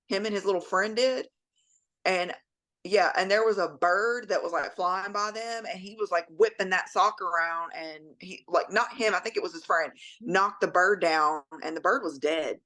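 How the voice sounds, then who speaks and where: A woman's voice: mid-range voice, normal speed, bright, forceful tone. A woman in her thirties co-hosting a podcast, chatting bluntly and profanely, laughing often. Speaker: podcast co-host. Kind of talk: casual true-crime chat.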